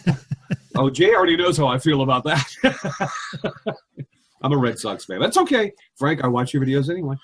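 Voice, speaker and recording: A man's voice: mid-range voice, lively intonation, normal speed, fairly bright tone, slightly rough. A man co-hosting a podcast, chatting enthusiastically and jokingly with frequent stammered restarts. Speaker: podcast co-host. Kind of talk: casual chat.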